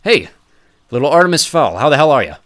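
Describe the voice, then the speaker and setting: A brash, loud middle-aged American tycoon, all bluster and swagger, performed by a man reading an audiobook. He pushes his lines out louder and higher than the surrounding narration. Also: sing-song, fast talker. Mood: brash, eager.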